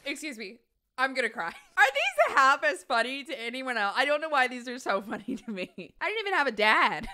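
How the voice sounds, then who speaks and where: A young adult woman hosting a stream, chatting casually and excitably as she reacts to videos and pictures, often breaking into laughter. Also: high-pitched, a little fast, background noise. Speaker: streamer host.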